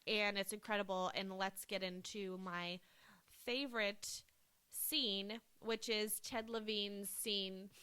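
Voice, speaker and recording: Bright, gushing woman podcast host. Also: mid-range voice, flat delivery, slow, clean tone. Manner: enthusiastic, gushing, frequent "like" and "um". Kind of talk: casual movie podcast chat.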